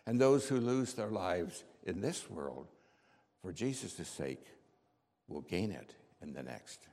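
A man's voice: sits low, lively intonation, slow pace, heavily acted. A man acting as the apostle Peter, telling his story in a heartfelt first-person monologue. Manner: heartfelt storytelling, rising to shouts. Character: the apostle Peter, impulsive and earnest. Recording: long hall reverb.

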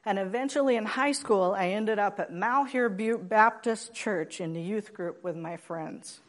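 A woman in her sixties from Oregon giving a sermon and personal testimony in a plainspoken, gently humorous way. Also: medium pitch, unhurried. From Oregon, USA. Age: 60s. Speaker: lay preacher.

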